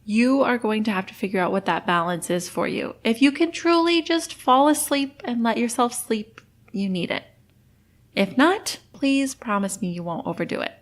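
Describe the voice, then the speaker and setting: A woman's voice: a little high, lively intonation, normal speed. Candid encouraging woman podcast host. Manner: candid, encouraging, laughs often. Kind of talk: solo podcast talk.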